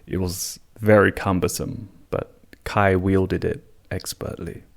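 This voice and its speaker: A young man casually telling a story as a podcast co-host, laughing, swearing and putting on higher voices for quotes. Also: level tone, slow pace, creaky. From England.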